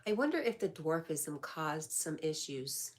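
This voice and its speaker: A woman's voice: deep voice, very animated, a little slow, slight background noise. A woman hosting a casual livestream, reading viewer comments aloud and answering them in a chatty way. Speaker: livestream host. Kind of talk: casual live chat.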